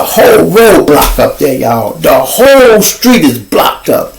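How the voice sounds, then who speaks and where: A man with a Chicago accent tells a long story to his livestream viewers, profane and animated, and he acts out the other people's voices. His voice is gravelly. The room around him has a noticeable echo. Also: a little high, slow pace. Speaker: livestream show host.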